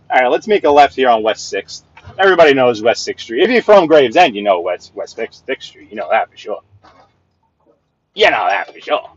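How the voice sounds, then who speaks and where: A man's voice: mid-range voice, sing-song, a little fast, slightly rough, muffled recording. A man venting while he drives, talking to chat in a live driving vlog and repeating himself as he rants. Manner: exasperated ranting, repeats himself. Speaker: livestreamer and sales rep. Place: inside a moving vehicle.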